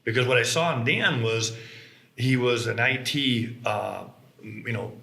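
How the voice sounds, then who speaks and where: A man recounting how his business began, with a bright, forward voice. He tells his stories with animation and acts out the quotes. The room around him rings with echo. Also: mid-range voice, unhurried, vocal fry. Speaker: co-founder of a mobile home business. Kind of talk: casual conversation. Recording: roomy echo.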